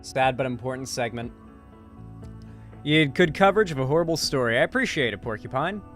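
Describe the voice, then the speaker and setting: A man's voice: mid-range voice, expressive, a little fast, a bit bright, soft background music. A man doing livestream reaction commentary, talking casually, profanely and rambling to his chat. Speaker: streamer and political commentator.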